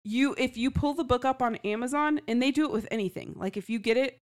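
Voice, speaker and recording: A woman's voice: on the high side, fast talker. A woman co-hosting a book podcast, chatting casually and telling stories with easy laughs. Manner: chatty, storytelling, laughs often. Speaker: podcast co-host. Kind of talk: casual book-club chat.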